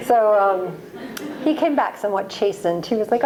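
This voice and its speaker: A woman in her forties from the United States, an author answering audience questions with lively, laughing stories. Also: mid-range voice, normal speed, a crowd in the background. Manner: lively storytelling, laughs often. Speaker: author at a library talk. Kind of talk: reading and audience Q&A. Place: library event room.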